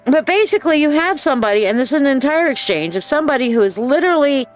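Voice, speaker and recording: Speaking fast in a high, very animated voice over soft background music, a woman hosts a casual psychic live stream. She reads viewers' posts aloud, gives the people in them bold voices, and talks bluntly and profanely, calling viewers babe and dear.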